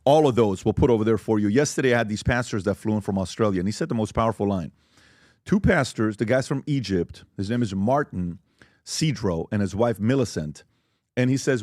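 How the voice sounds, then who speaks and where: A man hosting a podcast panel, chatting casually and pitching merchandise in an upbeat way. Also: lively intonation, fairly quick, darkish tone, no echo, clean studio sound. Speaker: podcast host.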